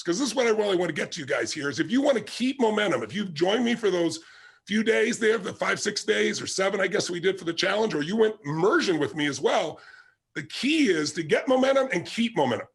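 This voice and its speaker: A man giving a motivational talk, telling personal stories in an emphatic, animated way. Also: high-pitched, creaky, breathy edge. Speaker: motivational speaker.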